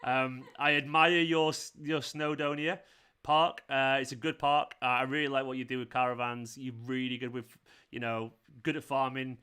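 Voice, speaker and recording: A man's voice: mid-range voice, level tone, normal speed, sharp tone, smooth. A young man hosting a football watchalong stream, chatting casually, teasing and laughing often. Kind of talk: casual live-stream chat and commentary.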